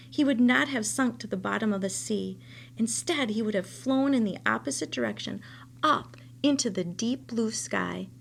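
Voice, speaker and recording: A woman teacher reading a children's novel aloud, telling the story in a steady, expressive way. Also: on the high side, vocal fry, a little hiss or hum.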